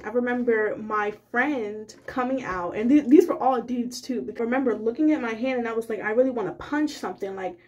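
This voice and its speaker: A young woman telling a casual storytime, rambling and animated, with many fillers. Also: a little high. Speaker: vlogger.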